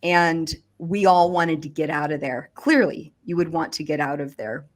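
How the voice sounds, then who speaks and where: Woman, survivor testimony, lowish pitch, hesitant, restarts often, fillers. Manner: halting, many restarts and fillers. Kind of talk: personal testimony in conversation.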